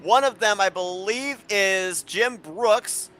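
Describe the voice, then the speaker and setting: Brisk man calling a sim race. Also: high voice, pushed and bright. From New York. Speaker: play-by-play commentator. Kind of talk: play-by-play commentary and read ads.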